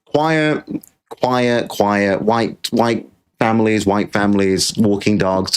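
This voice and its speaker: A man's voice: lowish voice, slow pace, smooth. A man hosting his own show, ranting in a casual monologue with frequent swearing and repeated phrases. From Britain. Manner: blunt, swears freely, repeats himself while ranting. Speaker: podcast host.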